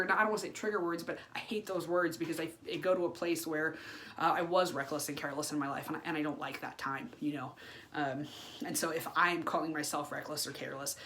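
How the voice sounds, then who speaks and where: A woman's voice: low voice, fairly bright tone, a little hiss or hum. A woman in her thirties speaking frankly in a personal vlog, swearing freely, with lots of ums and asides. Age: 30s. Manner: frank and unfiltered, swears freely, many fillers. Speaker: vlogger. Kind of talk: candid personal vlog monologue.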